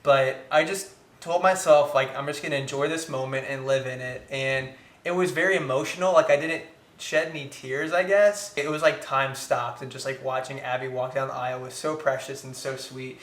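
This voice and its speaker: A man's voice: mid-range voice, fairly even intonation, moderate pace, fairly bright tone, echoey room. A man in casual couple chat as a vlogger, upbeat and jokey.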